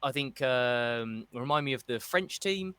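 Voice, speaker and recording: A man's voice: medium pitch, lively intonation, measured pace, over a noisy crowd. A man co-hosting a casual football chat show, ranting and mocking with put-on voices. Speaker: podcast co-host.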